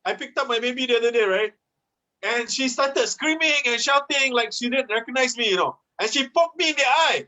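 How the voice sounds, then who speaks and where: A man's voice: very high voice, expressive, a little fast, sharp tone, dull audio. A man in his thirties with a Malaysian English accent doing a chatty stand-up comedy set and laughing at his own jokes. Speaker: musical comedian.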